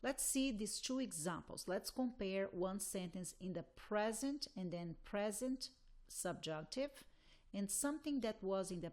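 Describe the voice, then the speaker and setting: Slow, deliberate woman Spanish teacher. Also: mid-range voice. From Spain. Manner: deliberate, reads out conjugation lists one by one. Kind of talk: recorded grammar lesson.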